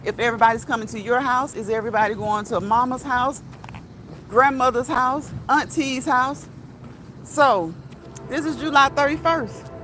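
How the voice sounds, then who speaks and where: A woman with a high voice talks casually to her live viewers as she walks outdoors, reading their comments aloud. She repeats herself and keeps checking in with "okay?" and "right?". Cars and a passing train are plainly heard around her on the street. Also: steady tone, normal speed, a bit bright. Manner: chatty, repeats phrases, ends lines with "okay?" and "right?". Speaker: live-stream host. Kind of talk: casual live-stream chat while walking. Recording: outdoor street with traffic noise.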